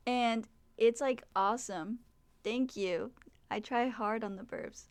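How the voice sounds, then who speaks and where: A woman's voice: fairly high pitch, slow, no echo. A young adult woman chatting casually to viewers on a livestream, swearing and trailing off, at a desk microphone. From Mexican heritage. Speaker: streamer.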